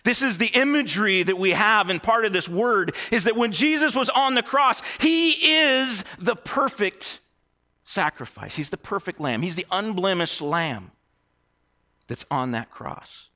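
A man preaching a sermon in an expressive, emphatic way, swinging between hushed and excited delivery. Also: high-pitched, a little slow.

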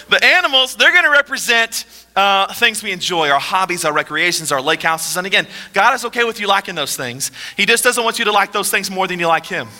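A man's voice: sits high, pushed and bright. A man, preaching a sermon in a casual, joking way and asking the audience rhetorical questions. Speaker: pastor. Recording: long hall reverb.

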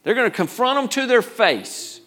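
A man's voice: extremely high pitch, big pitch swings, normal speed, fairly bright tone. A male pastor preaching a conversational sermon, rambling through restarts and rising to urgent emphasis.

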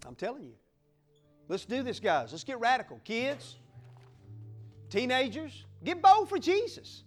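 A man's voice: very high voice, very animated, a little slow, faint music behind. A man preaching a sermon as pastor, fiery and exuberant, with whoops and acted-out little scenes.

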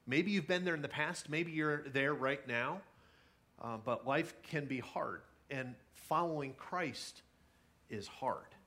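A young man preaches to his congregation in an easygoing, story-driven way. His voice is bright and sits a bit high, and he often stops to restart a phrase. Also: a little slow. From California. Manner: conversational storytelling with many fillers and restarts. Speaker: pastor. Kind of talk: sermon.

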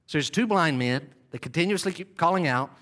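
A man preaching an expository sermon, talking listeners through a scene, repeating and restarting phrases and drawing out key words, with sudden loud cries when he acts out the scene. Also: a little high, lively intonation, a little fast.

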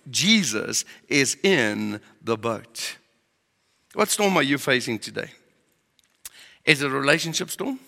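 Male pastor preaching; emphatic questions, bright voice, reverberant hall sound. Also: a little high, creaky. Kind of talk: sermon.

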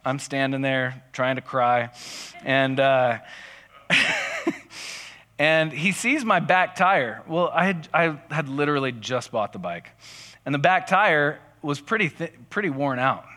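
A man preaching in a relaxed, chatty way, mixing self-deprecating personal stories into his teaching. His voice sits a little high and sounds bright and forceful. Long reverb trails after his words, as in a large room. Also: takes it slowly. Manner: conversational, self-deprecating storytelling. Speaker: pastor. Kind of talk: casual sermon with personal stories.

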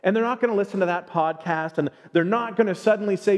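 A man giving a sermon in an animated way, often acting out short everyday exchanges. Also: sits high, fast. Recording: long reverb.

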